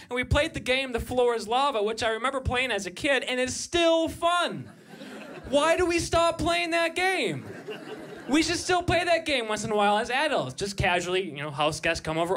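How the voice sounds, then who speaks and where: A man in his thirties performs stand-up on a comedy club stage, his voice high and ringing with a bright, forceful edge. He keeps up a lively set and breaks into shouted high voices for his bits. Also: normal speed.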